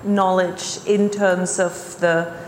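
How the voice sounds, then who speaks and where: Slow, measured woman in an echoey hall. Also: on the low side, flat delivery, a little hiss or hum. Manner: hesitant, measured, stammering start. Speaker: panel speaker. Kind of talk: academic discussion.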